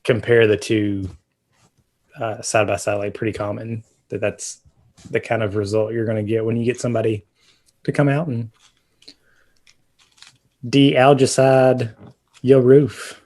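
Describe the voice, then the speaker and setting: A man's voice: fairly low pitch, fairly even intonation, normal speed, darkish tone. A man co-hosting a casual home-repair podcast, explaining things at length with plenty of fillers and restarts. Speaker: podcast co-host. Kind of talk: casual chat about roofing.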